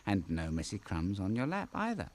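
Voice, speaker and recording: A man's voice: lowish voice, wildly swooping pitch, a little fast. A man giving scripted comedic narration for a nature documentary, with playful joking asides. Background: music.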